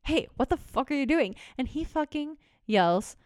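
A woman's voice: sits high, expressive, normal speed, darkish tone, no echo, clean studio sound. A young woman co-hosting a podcast, chatting casually and swearing freely as she recaps a musical and acts out quoted lines. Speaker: podcast co-host.

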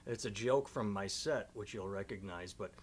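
Low-voiced male comedian podcast host. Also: normal speed, a little hiss or hum. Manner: rambling, self-deprecating, with filler words. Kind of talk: casual podcast chat.

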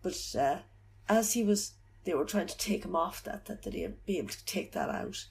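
A middle-aged woman telling of her loss in an interview. She talks haltingly and softly, often searching for words. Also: on the low side, animated, creaky. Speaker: bereaved mother telling her story. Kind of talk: personal account in an interview.

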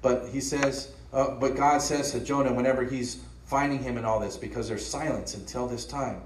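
A man's voice: medium pitch, fairly even intonation, normal speed, slight background noise. A pastor giving an earnest, conversational sermon, often posing rhetorical questions to his listeners. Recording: roomy echo, voice from a distance.

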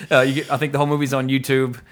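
A man hosting a relaxed film podcast, talking in a loose, rambling way. He laughs often and fills his sentences with "like" and "you know". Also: medium pitch. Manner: rambling and enthusiastic, laughs often, many fillers. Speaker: podcast host. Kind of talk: casual movie podcast chat.

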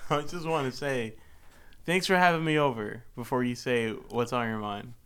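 A man's voice: medium pitch, fairly even intonation, normal speed, fairly bright tone, clean tone. A man on a podcast in casual chat, swearing and protesting with mock outrage. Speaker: podcast regular.

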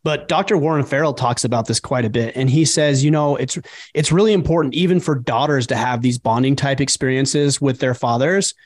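A man's voice: medium pitch, a little fast. A middle-aged man co-hosting a podcast, talking emphatically in casual chat and acting out others' words with energy. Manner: emphatic, animated when quoting others. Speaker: podcast co-host.

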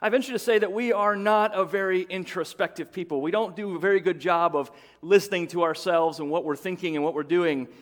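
A middle-aged man preaching a sermon as pastor, in a conversational way that often repeats words and builds into excited bursts. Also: sits high, brisk, hardly any pauses.

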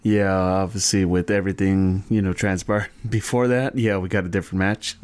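A man co-hosting a casual wrestling podcast, relaxed and chuckling as he talks. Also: low voice, moderate pace, no echo, studio quality. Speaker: podcast co-host.

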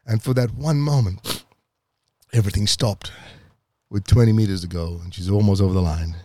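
A man's voice: on the low side, moderate pace, long pauses, warm tone, a little hiss or hum. An Australian man in his forties retells a personal memory with passion and rising emotion, at times close to tears. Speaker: podcast host telling his own story. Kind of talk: personal storytelling.

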